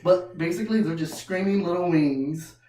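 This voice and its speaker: A woman's voice: on the low side, normal speed, mellow, close to an everyday voice. Woman doing a know-it-all little schoolgirl. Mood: earnest. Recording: roomy room heard from far off.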